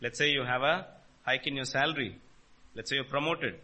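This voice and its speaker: A man preaching a sermon, emphatic and full of rhetorical questions, swinging between loud and quiet. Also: medium pitch, a little fast. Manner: emphatic, rhetorical questions, rises and drops in volume.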